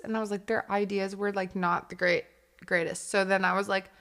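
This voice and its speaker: A woman's voice: mid-range voice, fairly even intonation, moderate pace, fairly bright tone. A woman streamer chatting casually on a livestream and laughing often. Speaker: Twitch streamer.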